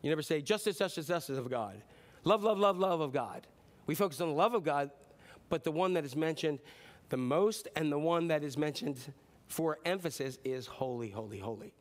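A man preaches to his church with a lighter, higher voice than most men. He is animated and playful, acting out voices and repeating words for emphasis. It sounds like a pastor's sermon delivered from the pulpit. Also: normal speed. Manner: animated, acts out voices and repetitions.

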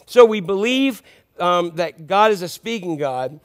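A man with a high-pitched voice gives a sermon. He keeps it conversational and checks in with his listeners through frequent questions. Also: expressive, measured pace, smooth. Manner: conversational, asks the congregation questions. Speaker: pastor.

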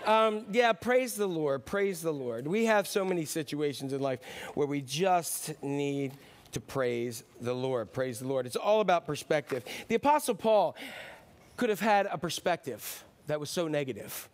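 A man preaching a sermon as pastor, telling a joke with lively character voices. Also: on the high side, normal speed. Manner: animated storyteller, voices characters.

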